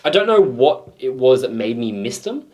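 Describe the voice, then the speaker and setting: A man's voice: medium pitch, moderate pace. A man with an Australian accent co-hosting a music reaction show, chatting casually and teasing his co-host. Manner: teasing, animated storyteller. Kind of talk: casual chat.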